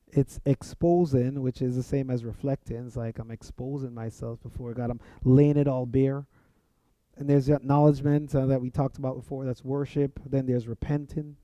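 A man with a mid-range, mellow voice teaches an earnest, sermon-style lesson on prayer, speaking sample prayers aloud as he goes. The recording is dry with no room sound, and it sounds dull and lo-fi.

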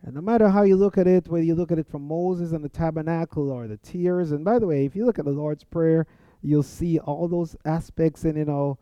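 Mellow-voiced man teaching about prayer. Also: a little high, a little fast, smooth, no echo. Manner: earnest, speaks example prayers aloud. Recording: dull, lo-fi sound.

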